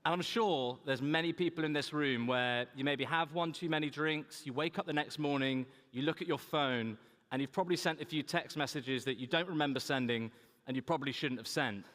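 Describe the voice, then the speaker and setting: A man's voice: a little high, brisk, fairly bright tone. A young man giving a humorous keynote talk, telling anecdotes to a large audience. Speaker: keynote speaker. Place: large conference hall. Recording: echoey hall reverb.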